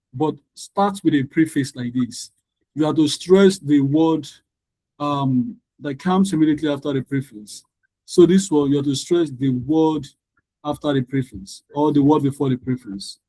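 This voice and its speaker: Male English tutor on a video call, mellow voice, dry sound, patient, repeats his points. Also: fairly high pitch, moderate pace, no room sound, low-quality recording. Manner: patient, repeats each rule for the class. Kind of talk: online class teaching.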